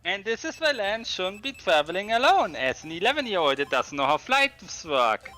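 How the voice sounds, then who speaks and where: A man's voice: high voice, sing-song, moderate pace, bright, forceful tone. A man chatting casually over a game, wryly explaining its quirks. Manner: wry, explanatory. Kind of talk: casual gaming chat.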